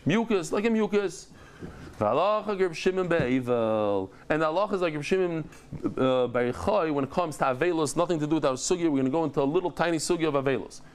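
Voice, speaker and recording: A middle-aged man teaching a daily Talmud class, animated, telling stories with lively joking asides. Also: fairly high pitch, a little fast, clean tone.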